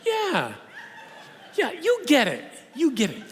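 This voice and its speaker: A man putting on a shrill, pushy woman. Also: wildly swooping pitch, takes it slowly, noisy background, heavily acted. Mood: approving. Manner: insistent, shrill and blunt. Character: pushy woman with a grievance, eating wings. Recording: long church-hall reverb.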